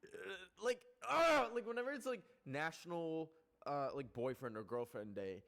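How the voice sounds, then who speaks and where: A young man hosting a casual podcast, rambling with lots of filler words and swearing, jumping from loud outbursts to soft muttered asides. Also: fairly high pitch, expressive, unhurried, gravelly. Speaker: podcast host.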